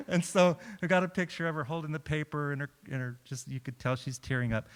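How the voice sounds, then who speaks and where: A man's voice: a little high, brisk. Middle-aged chaplain guy telling funny stories, laughs a lot, big hall echo. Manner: lively storyteller, acts out quotes and laughs often. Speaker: chaplain speaking at a church. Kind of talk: humorous storytelling talk to a congregation. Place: large church hall. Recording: long hall reverb.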